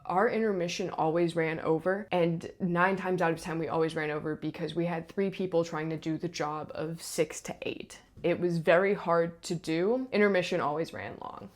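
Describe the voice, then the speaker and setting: A young woman, a stage manager, telling a backstage story in a chatty, animated way with lots of asides. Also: lowish voice, normal speed, hardly any pauses. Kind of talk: casual storytelling to camera.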